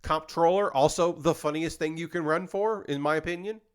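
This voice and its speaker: A man's voice: a little high, normal speed, clean tone. A male comedian and host in casual chat, rambling and self-deprecating as he talks through his ideas.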